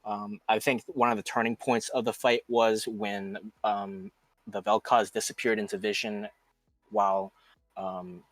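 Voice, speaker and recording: A man's voice: on the low side, fairly bright tone, dry recording. A man, a team player, giving a frank, rambling post-game interview over a voice call.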